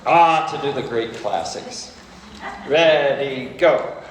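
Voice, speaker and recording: Man leading a choir rehearsal. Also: mid-range voice. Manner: brisk, playful, calls out cues and counts. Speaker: choir director. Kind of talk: rehearsal coaching. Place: rehearsal room. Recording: echoey hall, music playing behind.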